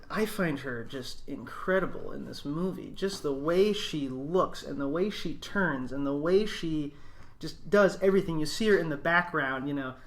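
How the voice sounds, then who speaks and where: A man's voice: a little high, a little hiss or hum. A man hosting a film podcast, talking with eager, emphatic enthusiasm in a casual discussion. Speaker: podcast host.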